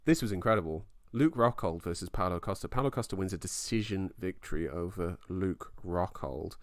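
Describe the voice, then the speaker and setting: A young man co-hosting a casual sports podcast, rambling and excitable as he retells a fight. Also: deep voice, brisk, no echo, studio quality. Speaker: podcast co-host.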